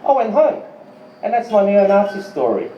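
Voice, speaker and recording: A man's voice: high-pitched, huge pitch swings, normal speed, a little hiss or hum. A middle-aged man doing a rambling, profane stand-up set, laughing as he tells his stories. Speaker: stand-up comedian. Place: live music club stage. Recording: echoey dull club recording.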